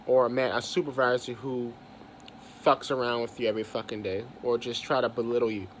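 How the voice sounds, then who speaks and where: A man's voice: mid-range voice, flat delivery, brisk, slight background noise. A young man, venting about his job in a heated, profane rant and repeating himself as he talks. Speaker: vlogger venting about work. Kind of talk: angry casual rant.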